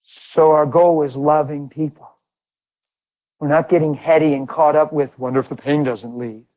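Man, middle-aged, from Pennsylvania, preacher, conversational sermon, emphatic, rhetorical questions, slightly high-pitched. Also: steady tone, moderate pace, a little mellow, rough recording. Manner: emphatic, asks rhetorical questions and answers them.

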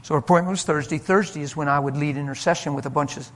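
A man preaching a sermon and telling a story from his ministry, animated and emphatic, moving between loud and soft delivery. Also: fairly high pitch, very fast. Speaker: pastor.

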